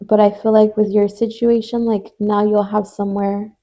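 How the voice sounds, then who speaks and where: A woman co-hosting a podcast who listens and answers her friend in a gentle, reassuring way. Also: mid-range voice, level tone, normal speed. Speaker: podcast co-host. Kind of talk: casual supportive chat.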